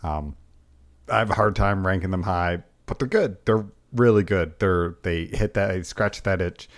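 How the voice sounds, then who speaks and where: A man's voice: deep voice, normal speed. A man co-hosting a podcast in casual chat, easygoing and agreeable. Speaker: podcast co-host.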